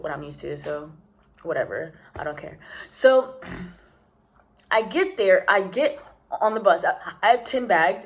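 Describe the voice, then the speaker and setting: A young woman from the United States telling a rambling, casual story to the camera, full of "like" and "literally". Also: on the low side. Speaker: vlogger.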